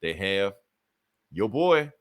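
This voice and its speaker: A man's voice: fairly low pitch, very animated, slow pace. A man co-hosting a podcast in casual chat, swearing and laughing often. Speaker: podcast co-host.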